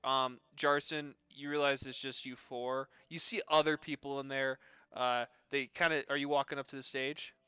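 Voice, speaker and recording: Bright, crisp male game master. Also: mid-range voice, flat delivery, moderate pace, no room sound, muffled recording. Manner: loose narration full of "like" and "um". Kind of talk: narrating a tabletop game on a live stream.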